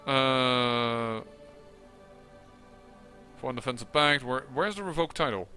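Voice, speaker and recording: Bright-voiced man musing over a strategy game. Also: mid-range voice, slow pace, faint music behind. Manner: musing to himself, exasperated outbursts. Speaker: let's play commentator.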